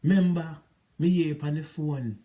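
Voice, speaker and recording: A man's voice: fairly high pitch, normal speed, mellow. Scolding Jamaican man ranting. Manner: repetitive, scolding, rambling. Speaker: relationship advice vlogger. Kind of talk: ranting monologue to an ex.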